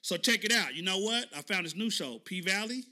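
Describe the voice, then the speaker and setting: Bright animated male podcast host. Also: high voice, fairly quick. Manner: animated storytelling, addresses listeners directly, repeats "right?". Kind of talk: casual podcast monologue.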